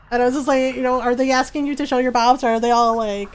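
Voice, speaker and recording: A woman's voice: high-pitched, fast, hardly any pauses, rough recording. A woman in her forties chatting casually while streaming a game, telling stories with frequent giggles. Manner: giggly storytelling. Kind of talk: casual gameplay chat.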